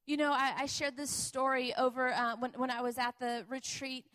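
A woman preacher and missionary telling a personal testimony in an emphatic, repetitive, animated way. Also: high voice, normal speed. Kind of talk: testimony sermon.

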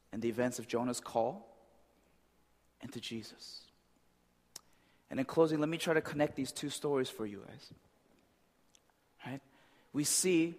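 A man preaching a conversational sermon as a pastor, often checking in with "right?". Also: mid-range voice. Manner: conversational, with frequent "right?" asides. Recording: long reverb of a large hall.

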